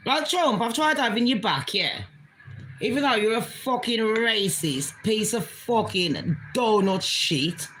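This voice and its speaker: Woman vlogger, British Jamaican accent, bright and sharp tone, profane heated rant, faint room noise. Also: a little high, expressive, unhurried, rough recording. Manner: profane, heated, swearing constantly. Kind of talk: angry political rant vlog.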